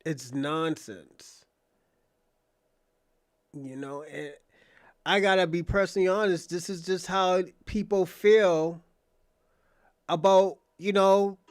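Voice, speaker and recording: A man's voice: a little high, dry recording. A man hosting a livestream, reacting to clips in blunt, profane casual talk.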